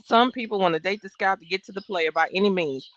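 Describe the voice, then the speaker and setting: A woman's voice: medium pitch, fast talker, no echo. A woman in her thirties hosting a live trial-watch stream, giving blunt, sassy, profane casual commentary. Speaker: livestream trial-watch host. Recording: dull, dry home stream audio.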